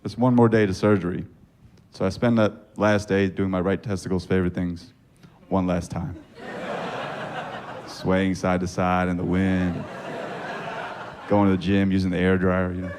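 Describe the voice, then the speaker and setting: A man doing profane stand-up comedy storytelling, with a deadpan delivery and sudden squeaky high-pitched punchlines. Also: normal speed, pauses often. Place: comedy club stage with laughing audience. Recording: live club recording with audience noise.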